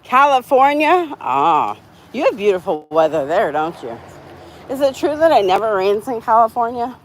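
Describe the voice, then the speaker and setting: A woman's voice: mid-range voice, lively intonation, moderate pace, slight background noise. A woman hosting a casual live stream while walking her dogs outside, chatting to viewers and laughing often. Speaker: dog channel host. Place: outdoors on a sidewalk.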